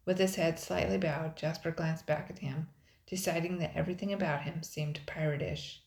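Older woman, grandmother, low voice, measured expressive storybook reading, echoey room. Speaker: storybook reader. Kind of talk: children's audiobook narration. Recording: roomy echo.

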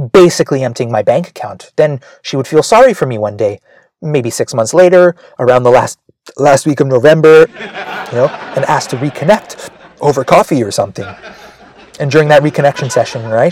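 A man's voice: medium pitch, darkish tone. A male comedian telling a rambling, self-mocking story, with frequent "right?" asides.

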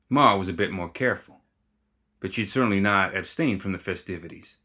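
A man reading fantasy fiction aloud as narrator, in a wry, even storytelling manner. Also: deep voice. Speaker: audiobook reader.

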